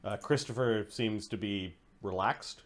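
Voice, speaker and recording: A man running a tabletop game as game master, narrating haltingly with many fillers. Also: lowish voice.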